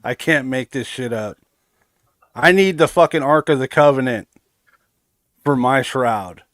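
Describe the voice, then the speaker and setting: A man's voice: medium pitch, unhurried, fairly bright tone, no room sound, studio quality. Swearing joking male stream host. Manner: profane, joking, reads chat aloud. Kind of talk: casual stream chat.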